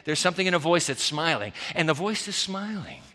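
Animated preacher with a bright voice. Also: male voice, a little high, a little fast, big-room sound. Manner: dramatic, swings between loud and hushed. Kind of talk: storytelling sermon.

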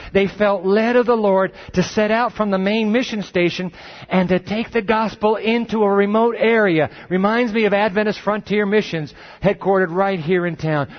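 A man preaching a sermon, telling a story dramatically and dropping his voice low and slow for emphasis. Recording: dull lo-fi recording.

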